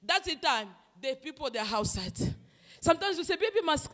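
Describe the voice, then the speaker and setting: A woman, a prophetess delivering personal prophecy in an impassioned, emphatic way that swings between loud declarations and soft asides. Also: sits high, animated, fairly quick. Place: church hall. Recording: long reverb in a hall.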